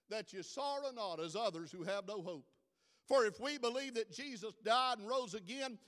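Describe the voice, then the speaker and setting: Preacher man, high bright clear voice, dramatic builds. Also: big-room sound. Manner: preaching with dramatic rises in volume. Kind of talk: sermon.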